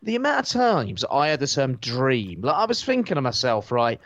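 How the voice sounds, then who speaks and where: Sarcastic man ranting, lively pitch. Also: moderate pace, hardly any pauses, dry recording. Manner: sarcastic, swearing, animated mocking rants. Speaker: podcast co-host. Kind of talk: casual ranting podcast chat. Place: at home on a sofa.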